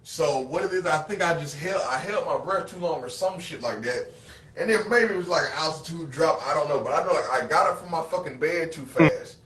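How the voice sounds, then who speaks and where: A man with a fairly high voice holds forth in casual chat, swearing freely and acting out his own reactions as he tells a story. The recording sounds roomy and echoey. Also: a little fast. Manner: profane, storytelling, animated retellings. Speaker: co-host.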